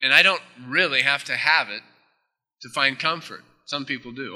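A man preaching a sermon as pastor, emphatic, with sudden drops into soft, close asides. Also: medium pitch, moderate pace, big-room sound.

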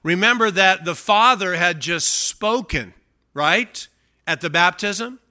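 A man's voice: high voice, expressive, takes it slowly, sharp tone. A male pastor preaching an expository sermon, emphatic and often asking the congregation questions.

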